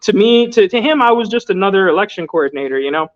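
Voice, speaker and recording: A man's voice: high voice, expressive, fast talker. A young man in his twenties, a guest telling his story in a casual interview, loose and earnest with lots of filler words. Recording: dull lo-fi audio.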